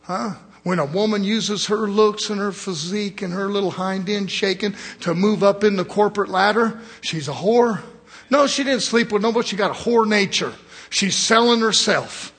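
A middle-aged man preaching a fiery sermon with a husky, somewhat high voice. He talks bluntly and folksily, calling for amens and pushing his points hard. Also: moderate pace, fairly bright tone. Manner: folksy, blunt, call-and-response.

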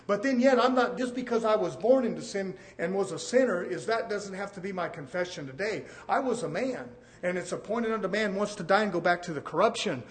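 A high-pitched male preacher delivers a fervent sermon. He swings from quiet asides to loud, emphatic peaks, calling out to his congregation as he goes. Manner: emphatic preaching with sudden rises in pitch and loudness; peppers lines with "amen" and "brothers and sisters".

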